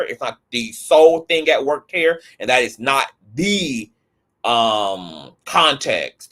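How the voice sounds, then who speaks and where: A man's voice: medium pitch, fairly bright tone. A man giving casual, opinionated celebrity gossip commentary, blunt and profane.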